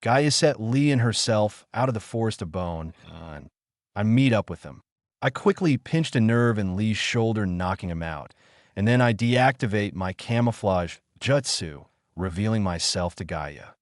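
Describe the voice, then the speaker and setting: A man reads a first-person fanfiction tale in a flat, even delivery, a little slow. His voice sits on the low side, and the recording is dry and close with no room sound.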